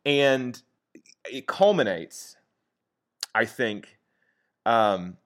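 A man casually retelling a historical episode in conversation, often pausing to check in with "okay?" and leaning on "like". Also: mid-range voice. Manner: animated retelling with frequent "like" and "okay?" check-ins. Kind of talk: casual storytelling chat.

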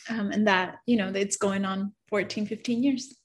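A woman's voice: mid-range voice, fairly even intonation, moderate pace. A woman in her thirties sharing an emotional faith testimony in an earnest, heartfelt way, full of fillers.

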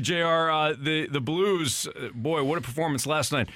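A man's voice: fairly high pitch, moderate pace, fairly bright tone, dry recording. A man hosting a sports radio show, wry and sarcastic in his banter. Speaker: radio host. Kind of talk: casual radio chat.

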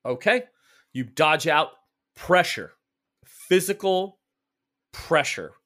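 Man, game master, slow deliberate horror narration, slightly high voice. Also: lively intonation, sharp tone.

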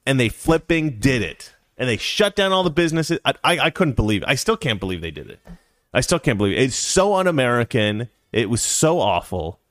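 A man's voice: mid-range voice, very animated, a little fast, a bit bright, dry recording, clean studio sound. A man co-hosting a casual talk show, reading news stories aloud and commenting in a sarcastic, heated, mock-serious way.

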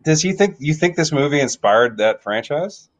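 A man's voice: a little high, lively intonation, moderate pace, dry recording, low-quality recording. A man co-hosting a casual podcast, jokey and self-deprecating as he riffs on movies. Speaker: podcast co-host. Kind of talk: casual movie-riffing chat.

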